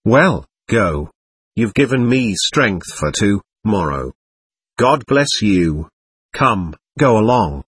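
Picture a desperate, impassioned young prisoner on the eve of his trial, begging his brother for the truth, voiced by a man reading an audiobook. The voice is husky and rises and falls a great deal, and it sounds dry and close. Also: on the low side, very animated, takes it slowly, no echo, heavily acted. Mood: grateful. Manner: desperate, pleading.

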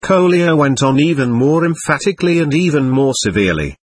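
A man narrating a classic novel in a measured, expressive reading. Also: a little high, slightly rough, dry recording. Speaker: audiobook narrator.

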